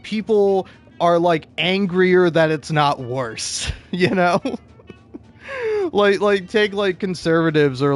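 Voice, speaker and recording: A young man giving casual gameplay commentary, rambling and swearing, often laughing as he rants. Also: high voice. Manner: rambling, profane ranting with frequent laughter. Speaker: video game streamer.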